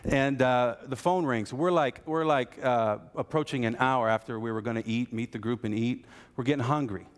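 A man's voice: medium pitch, moderate pace. Guy preaching a sermon in a church, folksy stories, keeps asking questions, lots of hall echo. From American Midwest. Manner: folksy storytelling with repeated rhetorical questions. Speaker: pastor. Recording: hall reverb.

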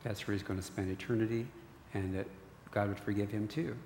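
Middle-aged man, earnest faith testimony, gravelly, reverberant hall. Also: lowish voice, fairly even intonation, fairly quick, darkish tone, a little hiss or hum. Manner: storytelling, repeated restarts, earnest. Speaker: guest sharing a testimony. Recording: echoey hall recording.

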